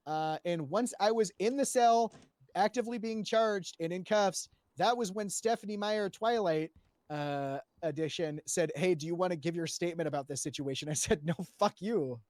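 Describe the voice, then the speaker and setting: A man's voice: high-pitched, normal speed, a little mellow, no room sound. A man recounting a roleplay story to a panel, rambling with lots of fillers and restarts and swearing freely.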